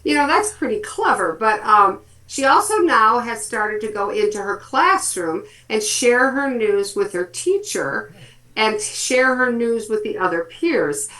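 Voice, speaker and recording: Brief: woman in her fifties, therapist, chatty and animated in a web chat. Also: on the high side, unhurried. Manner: lively storytelling, quotes kids and family. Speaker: speech and language therapist.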